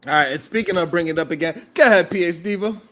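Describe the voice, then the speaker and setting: A man's voice: high voice, rapid-fire, pushed and bright. A man hosting a live stream panel, patiently arguing his point with examples and laughing often. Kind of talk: heated panel debate.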